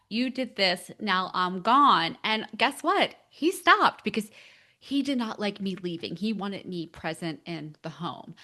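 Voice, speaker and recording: A middle-aged woman, a parent coach, telling stories on a podcast, lively, filler-heavy and laughing often. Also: medium pitch. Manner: animated storytelling, laughs often, many fillers. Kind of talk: casual podcast conversation.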